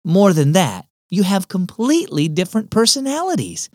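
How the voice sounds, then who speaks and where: A male narrator voicing a gentle mother of twin boys in a children's storybook reading, calm and lightly teasing. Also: high voice, normal speed, no echo, clean studio sound, pitched above the performer's own voice.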